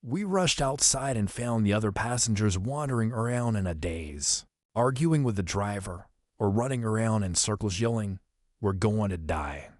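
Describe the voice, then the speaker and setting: A man reading an adventure novel aloud as an audiobook narrator, telling the action briskly in the first person. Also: fairly low pitch, lively intonation, darkish tone, no room sound, studio quality. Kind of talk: scripted storybook narration.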